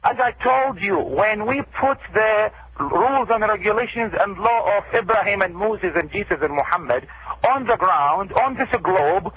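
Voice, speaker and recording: A high-pitched man with a breathy, husky edge. He preaches in repeating phrases and turns insistent and pleading when pushed, as a guest on a broadcast interview. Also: a bit bright, rough recording. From Iraq. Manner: preacherly, repetitive, grows agitated and pleading. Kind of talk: heated TV interview.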